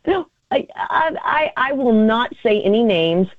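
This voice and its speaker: A middle-aged woman with a Southern US accent, a former TV reporter, telling stories in a lively, folksy way as a radio guest. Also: a little high, a little slow, crowd noise. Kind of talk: casual radio chat. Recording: tinny phone line.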